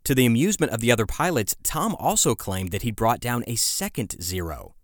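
A man's voice: medium pitch, lively intonation, brisk, no echo, clean studio sound. A man hosting a history podcast, telling the story in a conversational way with asides to his listeners. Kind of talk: scripted history narration.

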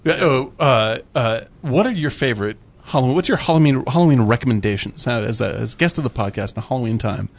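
A man's voice: mid-range voice, animated, fast talker, gravelly, few pauses. A man hosting a podcast, chatting casually and enthusiastically with frequent laughs. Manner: enthusiastic, laughs often, many restarts. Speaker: podcast host. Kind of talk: casual chat.

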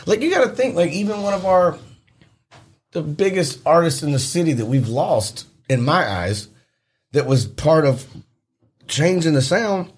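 Husky animated rapper. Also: male voice, a little high, measured pace. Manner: animated, profane, laughs often. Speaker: rapper guest. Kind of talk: casual podcast chat.

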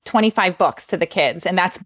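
A woman with a New Jersey accent, a guest author talking in a casual interview, enthusiastic and quick to laugh. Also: on the low side, fairly bright tone, dry recording. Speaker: guest, children's book author.

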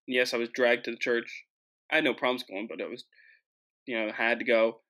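A young American man hosting his own show, telling a travel story in an animated, jokey way with lots of restarts. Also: medium pitch, fairly quick. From United States. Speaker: host. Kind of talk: casual storytelling monologue.

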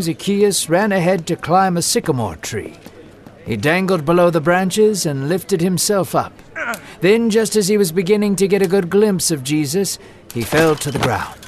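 Male narrator telling a Bible story dramatically. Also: fairly high pitch.

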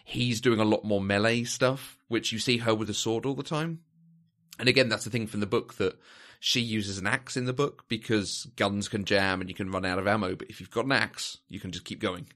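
A man's voice: on the low side, steady tone, fairly quick, fairly bright tone. A man co-hosting a casual film discussion, thoughtful and hesitant, with plenty of fillers and restarts. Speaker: podcast co-host.

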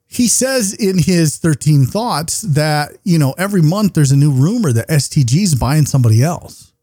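Tired podcast guy in his 30s rambling and swearing, mellow dark voice, dry close mic. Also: on the high side, lively intonation, moderate pace, no echo. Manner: rambling, profane, jokey. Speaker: podcast host. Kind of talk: casual chat.

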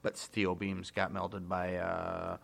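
A man's voice: low voice, level tone, slow, creaky, slight background noise. A young man co-hosting a podcast in casual, profane, wisecracking chat. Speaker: podcast co-host.

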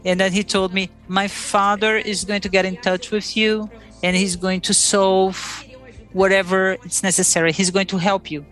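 A woman's voice: mid-range voice, little pitch movement, moderate pace, fairly bright tone. A Brazilian woman, a Portuguese native speaker, telling her own story with feeling and acting out the dialogue as a former player. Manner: emotional storytelling with quoted dialogue. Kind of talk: recounted personal story.

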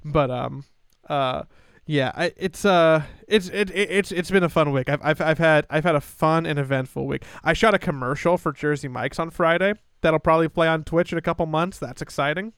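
Smooth-voiced young man telling stories. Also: a little high, moderate pace, dry recording, clean studio sound. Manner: animated, stammering restarts and laughing asides. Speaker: podcast co-host. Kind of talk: casual storytelling chat.

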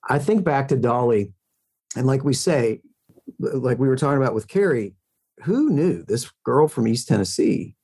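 A man's voice: mid-range voice, mellow. Middle-aged man, country singer guest; loose, chatty, self-mocking storyteller. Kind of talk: casual interview chat.

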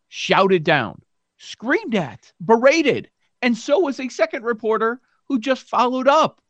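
A man's voice: high-pitched, lively intonation, a little slow, fairly bright tone, no echo. A man co-hosting a casual sports talk show, speaking indignantly with hesitant fillers.

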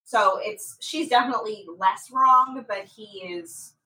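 A woman co-hosting a casual podcast, telling a story with lively acted-out quotes and plenty of swearing. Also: on the high side, unhurried, distant mic, rough recording. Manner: animated storytelling, acts out quotes, swears freely. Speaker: podcast co-host. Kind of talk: casual recap chat.

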